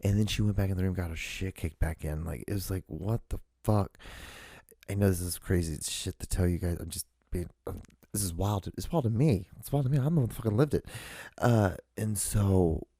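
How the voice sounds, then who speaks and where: A man's voice: low-pitched, a little fast, dark tone, no echo, studio quality. A young man hosting a solo podcast, rambling casually and swearing a lot between fillers. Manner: rambling and profane, full of fillers. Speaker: podcast host.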